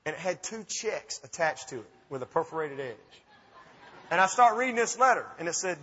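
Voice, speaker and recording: A man in his fifties with an Alabama accent, telling folksy, animated stories to an audience. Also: fairly high pitch, brisk, breathy edge. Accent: Southern US, Alabama. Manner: folksy, animated, self-mocking. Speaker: speaker. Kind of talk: storytelling talk to an audience. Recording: dull recording with long hall reverb.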